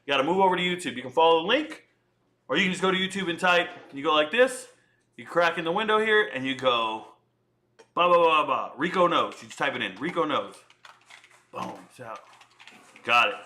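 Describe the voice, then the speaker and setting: A man's voice: fairly high pitch, animated, brisk, bright, forceful tone. A man hosting a casual livestream chat, joking and boasting in slangy talk. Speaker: livestream host.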